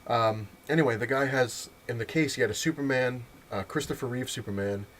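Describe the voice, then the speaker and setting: A man's voice: mid-range voice, brisk, a bit bright, a little hiss or hum. A man telling a casual story in a rambling way, with many restarts and frequent laughter. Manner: rambling, full of fillers and restarts.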